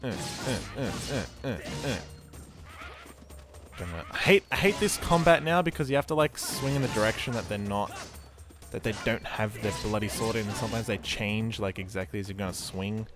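A man with a fairly low voice narrates his gameplay in a loose, rambling way, dropping casual swear words. He sounds sleepy and keeps yawning between remarks. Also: normal speed, music in the background. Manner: rambling, swears freely, self-mocking. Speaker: gameplay commentator. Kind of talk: casual let's-play commentary.

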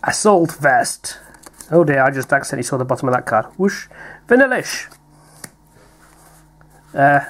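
A British man chatting playfully while opening card packs, reading out names with little laughs. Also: a little high. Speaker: card pack opener, co-host. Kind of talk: casual unboxing chat.

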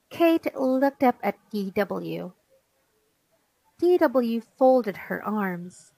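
A woman narrating a children's picture book aloud in a measured, expressive way. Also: fairly high pitch, creaky, dry recording, low-quality recording.

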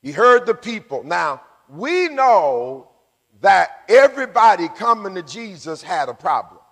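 High-voiced preaching pastor in a reverberant hall. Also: male voice, big pitch swings, unhurried. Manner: call-and-response preaching, building to shouts. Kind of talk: sermon. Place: church sanctuary.

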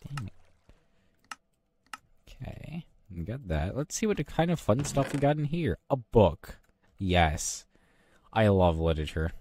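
A man with a very low voice talks his way through a video game in a casual, rambling way. He mutters half to himself and drops dry, self-mocking jokes along the way. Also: big pitch swings, unhurried, long pauses, warm tone, no room sound. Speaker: gaming channel host. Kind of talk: casual gameplay commentary.

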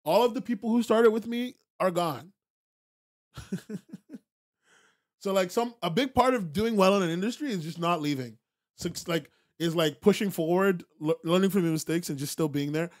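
A podcast host with a high-sitting voice talks at a normal speed to his stream chat. He's blunt and casual, swears freely, repeats himself for emphasis, and laughs often.

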